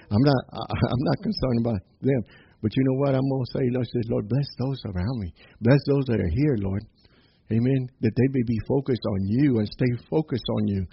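A man preaching a lively, joking sermon, breaking into song and shouting out Bible verses. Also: mid-range voice, fairly quick, vocal fry, lo-fi sound, a little hiss or hum.

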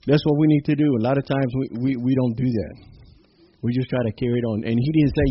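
A man's voice: mid-range voice, fairly even intonation, fast, dull audio, a little hiss or hum. A man preaching an informal, exuberant sermon, peppering his talk with amens and little laughs.

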